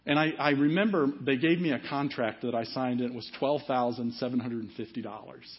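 In a church service, a middle-aged man delivers a sermon conversationally, putting questions to the congregation as he goes. His voice is husky and medium-pitched, and he talks a little fast. The audio sounds dull and muffled.

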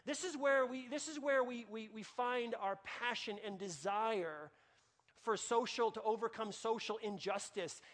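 A man with a very high-pitched voice preaches a sermon from the pulpit. He speaks emphatically, often restarting sentences and repeating key phrases for weight. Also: unhurried, fairly bright tone. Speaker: pastor.

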